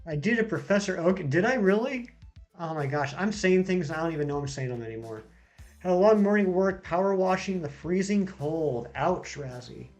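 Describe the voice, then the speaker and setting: A man's voice: high voice, expressive, normal speed, darkish tone, muffled recording, soft background music. A man hosting a casual live stream, chatting and bantering while reading viewer comments aloud.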